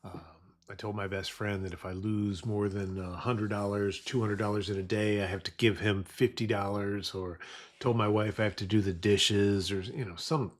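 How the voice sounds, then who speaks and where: On a live stream, a futures trader speaks at normal speed in a voice on the low side with fairly even intonation. His commentary on trading psychology is casual and rambling, packed with fillers.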